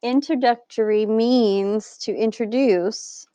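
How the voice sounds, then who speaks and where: Woman teacher, fairly high, patient explainer; dry, close, slightly muffled recording. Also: takes it slowly, mellow, clean tone, dry recording. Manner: patient, explains step by step, checks with "right?". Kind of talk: recorded grammar lesson.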